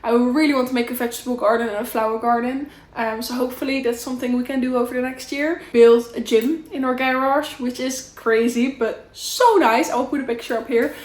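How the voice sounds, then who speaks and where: A woman's voice: on the high side, fairly even intonation, fairly quick, few pauses, reverberant. A young woman with a Dutch accent, casually catching up with her viewers in a chatty, candid, rambling way. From Netherlands. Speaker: vlogger. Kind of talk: casual catch-up chat to camera.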